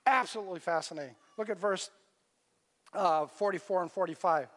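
High-voiced pastor preaching in a reverberant hall. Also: male voice, brisk, a bit bright. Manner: conversational preaching, acts out scripture dialogue in varied voices. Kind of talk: sermon.

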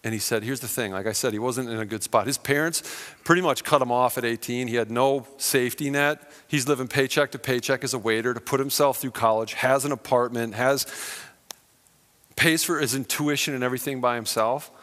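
A man's voice: mid-range voice, a little fast, a bit bright. A man preaching a conversational, self-deprecating sermon and telling a story with acted-out quotes. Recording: long hall reverb.

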